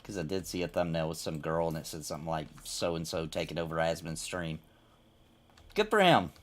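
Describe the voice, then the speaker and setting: A man's voice: low-pitched, expressive, fairly quick. A man hosting a casual gaming stream, rambling and joking while reading chat aloud. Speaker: streamer host.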